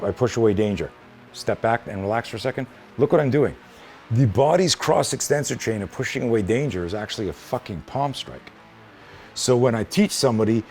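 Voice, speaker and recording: A man's voice: medium pitch, a little mellow. A man teaching self-defense in a hands-on demonstration, blunt and emphatic with plenty of swearing.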